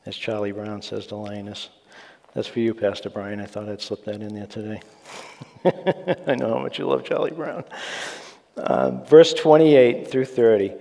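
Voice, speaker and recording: A man's voice: fairly low pitch, fairly even intonation, a little slow, creaky, pauses often, dark tone. A man preaching a sermon in an earnest, conversational way, with casual asides to his congregation. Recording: long reverb of a large hall.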